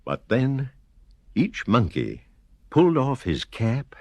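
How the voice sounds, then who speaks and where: A man reading a children's story aloud slowly in a sing-song, very expressive way. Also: medium pitch. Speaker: radio theater storyteller.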